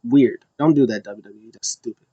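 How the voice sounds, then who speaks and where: A man's voice: medium pitch, a little fast, mellow, slightly rough, dry recording, dull audio. A man hosting a casual solo recap, rambling with many fillers and acting out quotes in passing. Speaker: wrestling show recap host.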